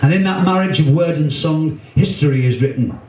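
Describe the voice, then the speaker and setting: Liverpool poet reciting comic rhymes live, slightly high voice, recorded from a distance in a reverberant room. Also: male voice, fairly quick, darkish tone. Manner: rhythmic, rhyming delivery with wry humour. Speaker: poet and performer. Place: pub function room. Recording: echoey room, distant mic, faint hum.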